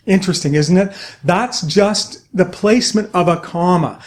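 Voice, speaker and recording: A middle-aged man giving an energetic instructional talk on speaking, demonstrating points with his own voice. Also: high voice, moderate pace. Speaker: communication trainer.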